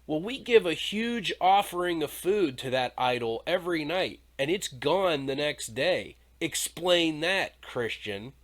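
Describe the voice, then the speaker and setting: A smug, boastful ancient king, put on by a man retelling a story. He talks in loose modern slang, indignant and sure of himself, pitched a little above a normal speaking voice. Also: lively intonation, a little slow, hardly any pauses, fairly bright tone. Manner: casual modern slang, mocking.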